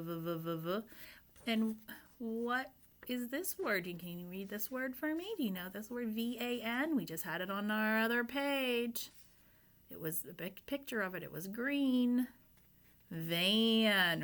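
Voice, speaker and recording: A woman teacher giving a phonics lesson to young children, reading words slowly and patiently. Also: medium pitch. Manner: slow, patient, reads words aloud in even steps.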